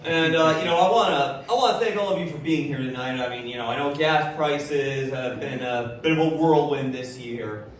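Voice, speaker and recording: A man performing a stand-up comedy set with a deadpan, offhand delivery. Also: mid-range voice, moderate pace, few pauses, a little hiss or hum. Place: live comedy venue. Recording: echoey hall from far off.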